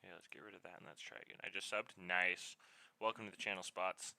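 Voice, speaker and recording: A man's voice: sits low, steady tone, fast talker, gravelly, sharp tone, rough recording. A man chatting casually on a live game stream, greeting viewers by name in an easygoing way.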